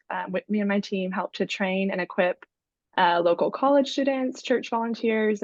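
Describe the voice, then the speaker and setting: An upbeat woman introduces herself on a video call panel with a friendly, brisk rundown. Her voice is mid-pitched, and the call audio is somewhat dull and dry. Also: no room sound. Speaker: nonprofit program director.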